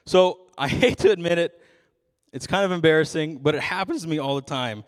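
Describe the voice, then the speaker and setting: A man's voice: on the high side, animated, brisk, in a large hall. A young adult man giving a youth sermon as a ministry intern, casual and self-deprecating with frequent jokes.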